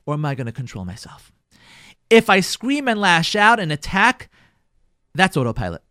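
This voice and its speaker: A man's voice: sits high, normal speed, no room sound, clean studio sound. A middle-aged man, a rabbi teaching a Torah class on marriage, acting out everyday scenarios and repeating phrases for emphasis. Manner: animated, acts out everyday scenarios.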